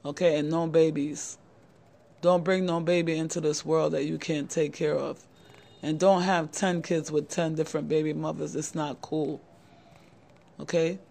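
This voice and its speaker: Addressing young men straight to camera, a middle-aged woman who hosts an advice channel speaks in an earnest motivational style, repeating her points and calling them "guys." Her voice is low, creaky, and mellow.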